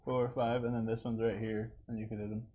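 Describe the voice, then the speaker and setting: A man's voice: mid-range voice, flat delivery, fairly quick, dark tone. A man running a tabletop game as game master, casual and joking with his players.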